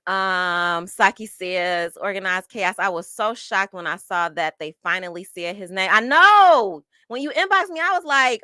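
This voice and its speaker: A woman speaking hosts a casual livestream, reading out chat messages and reacting in a lively, slangy way. Her voice is bright and forward, and the recording is dry and close to the mic with no room sound. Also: medium pitch, unhurried, few pauses, clear, resonant tone, dry recording. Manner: animated and chatty, slangy.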